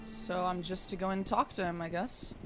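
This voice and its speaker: A woman's voice: on the low side, fairly even intonation, normal speed, over music. A woman streaming a role-playing game, chatting casually with wry, muttered asides. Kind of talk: casual gameplay commentary.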